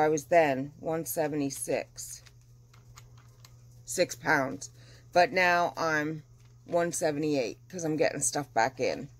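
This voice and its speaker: A middle-aged woman vlogging at home in a casual chat, chatty and animated, getting over the flu. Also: sits low. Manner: chatty and animated, dramatic retelling. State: recovering from flu. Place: at home, windows open.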